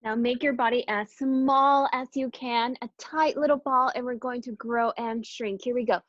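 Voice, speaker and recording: A woman teaching artist calls rhythmic cues in a high, lively voice. The sound is dry and slightly muffled, like a modest mic close up. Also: moderate pace, hardly any pauses, no room sound. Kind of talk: guiding a movement warm-up.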